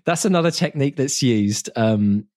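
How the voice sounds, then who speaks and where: A man's voice: mid-range voice, lively intonation, moderate pace, darkish tone. A man co-hosting a casual podcast chat, enthusiastic and prone to restarting his sentences. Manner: enthusiastic, repeats words when starting. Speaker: podcast co-host.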